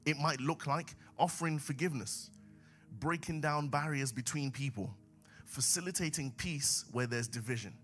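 A man preaching a sermon in a church, swinging from low asides to raised exhortation. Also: moderate pace, a bit bright, soft background music.

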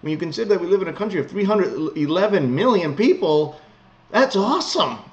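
A man's voice: sits high, animated, brisk. A man giving casual, sarcastic commentary on news stories from home. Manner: sarcastic, blunt, chuckles often. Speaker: vlogger reading news. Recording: slightly muffled lo-fi home recording.

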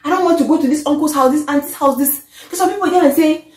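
A woman, vlogging an animated, exasperated rant to camera that often trails off. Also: very high voice, brisk. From Africa. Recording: echoey room.

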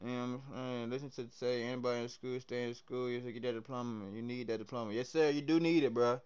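A young man from the American South streaming a game live, chatting with his viewers in hyped, slangy bursts that swing between loud and soft. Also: medium pitch, fairly even intonation, quick pace, smooth.

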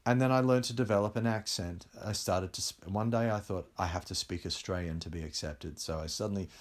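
A man's voice: deep voice, a little fast. An English-born middle-aged man, a film director, telling anecdotes in a casual interview with laughs along the way. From England. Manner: animated storyteller, laughs while talking.

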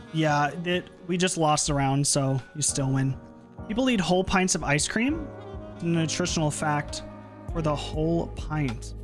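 Young man, game streamer, casual chat, frequent swearing, slightly high voice, faint background music. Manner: chatty, swears often, reacts loudly in frustration. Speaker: streamer playing a horror game.

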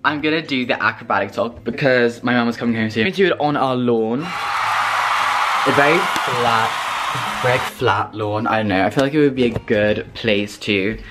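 A young British man vlogging in a bubbly, over-the-top way, hamming up every thought with sass and the odd swear word. His voice sits at an ordinary middle pitch, and clear music plays underneath him. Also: brisk, few pauses. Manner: excitable, dramatic and sassy, swears freely. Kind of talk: casual vlog chat. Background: background music.

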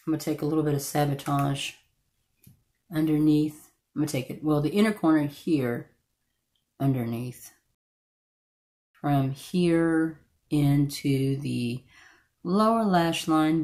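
A woman with a notably low-pitched voice talks through a makeup tutorial in a relaxed, chatty way. Her voice has a slight croak from allergies, and she often stops mid-sentence to correct herself. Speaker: beauty vlogger. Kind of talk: casual makeup tutorial chat.

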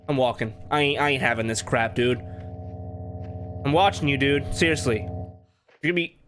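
Man, gameplay commentary, jumpy, fairly high voice, music underneath. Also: a little slow, long pauses, fairly bright tone. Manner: jumpy, talks to himself, yelps.

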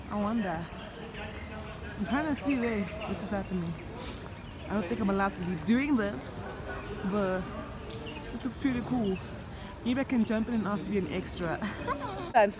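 A young woman with a South African accent vlogs on her phone, chatty and confiding. She talks at an unhurried pace. Steady background noise runs under the phone recording. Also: medium pitch. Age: young adult. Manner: chatty, confiding, swings between giddy and tearful. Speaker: vlogger, student. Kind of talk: candid phone vlog.

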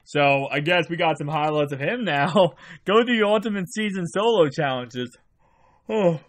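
A man's voice: a little high, normal speed. Sleepy man rambling over gameplay. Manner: rambling, with sudden excited outbursts. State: sleepy, just woke up. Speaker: video game channel host. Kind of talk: casual gameplay commentary.

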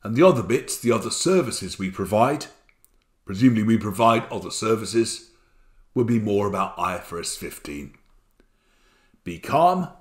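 Older male tutor, lowish voice, chatty lecture delivery with tag questions. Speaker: accountancy exam tutor. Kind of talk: recorded revision lecture.

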